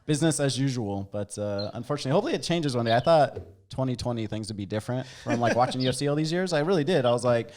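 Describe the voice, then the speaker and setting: A man hosting a podcast, talking in a quick, eager rush and jumping in often. His voice sits at an ordinary middle pitch. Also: expressive, darkish tone. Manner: eager, chatty, quick to jump in. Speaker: podcast host. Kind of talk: casual chat.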